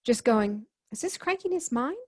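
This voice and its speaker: A woman's voice: fairly high pitch, animated, normal speed, darkish tone, husky. Earnest woman telling a personal story. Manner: earnest, quotes herself and others in dialogue. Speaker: guest healer. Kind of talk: conversational storytelling.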